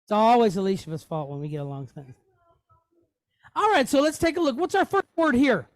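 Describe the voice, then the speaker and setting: A man teaching a Hebrew lesson in a relaxed, conversational way, often checking in with his listeners. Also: very high-pitched, fairly quick, dry recording. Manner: conversational, checks in often with "okay?" and "you know". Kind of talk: casual teaching, explaining on screen.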